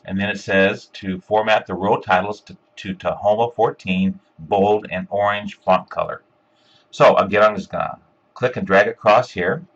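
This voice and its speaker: A man giving a step-by-step screencast software tutorial, talking casually with lots of ums and uhs. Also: on the low side, steady tone, moderate pace, highs cut off. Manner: step-by-step, filler-heavy with frequent ums and uhs. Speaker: instructor.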